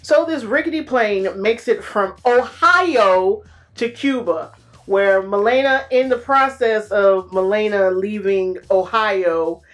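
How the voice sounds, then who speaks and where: A woman's voice: mid-range voice, takes it slowly, fairly bright tone, faint music behind. A woman casually recapping a movie plot in a loose, chatty way, with fillers. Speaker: movie reviewer.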